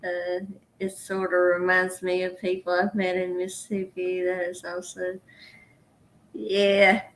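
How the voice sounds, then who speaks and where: A woman's voice: fairly low pitch, completely flat delivery, slight background noise, poor audio. A woman with a strong Southern accent, casually chatting on a livestream and reading out viewer comments. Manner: slow, drawling, reads out chat names. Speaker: co-host of a livestream.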